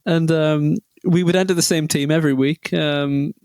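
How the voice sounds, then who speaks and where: Rambling podcaster, fairly high voice. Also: male voice, steady tone, normal speed, darkish tone, no echo, clean studio sound. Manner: rambling, self-deprecating, with many ums. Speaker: podcast co-host. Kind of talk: casual chat, storytelling.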